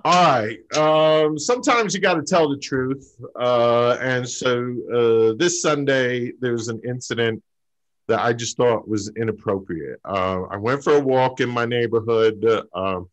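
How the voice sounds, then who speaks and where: A man telling a comic true story on stage, halting with fillers before deadpan punchlines. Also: mid-range voice. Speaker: open mic storyteller.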